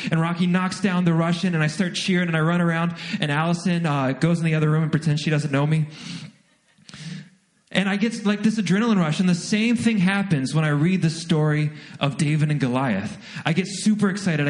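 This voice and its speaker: A young adult man preaching a sermon, telling a story with lively, self-deprecating acted asides. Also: fairly high pitch, fairly quick. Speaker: pastor.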